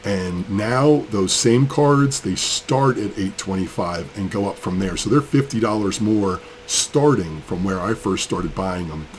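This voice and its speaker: A low-voiced man rants angrily in a casual vlog, rambling as he works. He sounds sick with a cold. A faint hiss of room noise sits behind him. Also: unhurried, hardly any pauses. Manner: angry, fired up, rambling. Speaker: crypto mining channel host. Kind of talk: casual building vlog rant.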